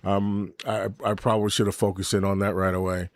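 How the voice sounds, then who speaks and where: Rambling middle-aged man, lowish dry voice. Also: level tone, fairly quick, dry recording. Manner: rambling, candid, swears freely; reads and answers live chat. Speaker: podcast host. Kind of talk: casual livestream chat. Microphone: desk mic with camera.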